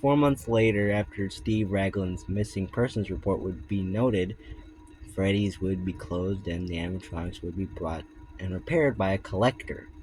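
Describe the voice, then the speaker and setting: A man's voice: on the low side, darkish tone, low-quality recording. A young man reading his own fan-fiction book aloud in a casual manner, stumbling and correcting himself as he goes. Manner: informal, with restarts and self-corrections. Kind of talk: casual read-aloud narration.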